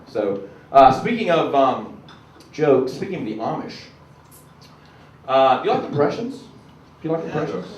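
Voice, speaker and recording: South Carolina comic in an echoey club. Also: male voice, mid-range voice, noisy background. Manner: chatty, self-deprecating, bursts into loud announcer voices. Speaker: stand-up comedian. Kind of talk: stand-up comedy set. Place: comedy club stage. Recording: echoey club from a distant camera.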